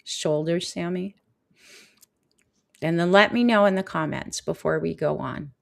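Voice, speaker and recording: A woman hosting a live-stream coaching talk, animated, often repeating phrases and answering viewers' comments. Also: on the low side, unhurried, gravelly.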